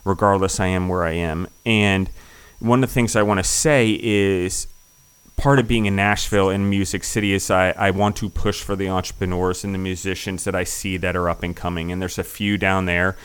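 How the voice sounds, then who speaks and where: A middle-aged man hosting a podcast, chatting enthusiastically and rambling with fillers, his voice going hoarse. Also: deep voice, steady tone, normal speed. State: losing his voice. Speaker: podcast host. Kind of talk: casual interview chat.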